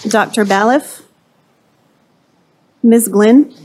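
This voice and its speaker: A woman clerk calling the roll at a board meeting, reading names and titles briskly and evenly. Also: on the high side, darkish tone. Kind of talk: formal roll call.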